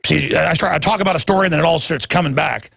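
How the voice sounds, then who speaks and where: A man rants through a talk radio monologue, rambling and then jumping into sudden loud emphatic bursts. His voice sits fairly high, with a rough gravelly fry and a husky edge. The sound is close and dry. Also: fast talker, no echo.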